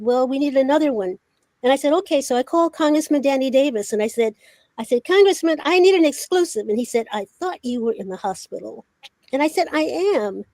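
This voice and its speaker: An older woman with a high, light voice tells stories in an animated way, slipping into the voices of the people she quotes. The sound is dry and close, with almost no room around it. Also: no echo. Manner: animated storyteller who acts out quoted dialogue. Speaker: veteran journalist, talk show guest. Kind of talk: casual storytelling.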